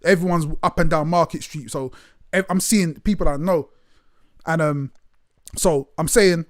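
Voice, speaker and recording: A man's voice: on the high side, normal speed, pauses often. A man hosting a casual live chat, telling stories animatedly and acting out the exchanges. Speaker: host.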